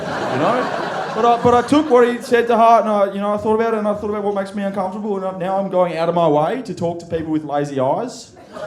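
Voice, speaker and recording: A man's voice: sits high, background noise. A man doing a rambling, profane stand-up set on a comedy club stage. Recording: roomy club with loud crowd laughter.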